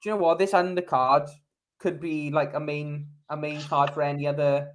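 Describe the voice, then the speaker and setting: A man's voice: a little high, little pitch movement, normal speed. A man hosting a sports podcast in casual chat, enthusiastic and leading the discussion. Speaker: podcast host.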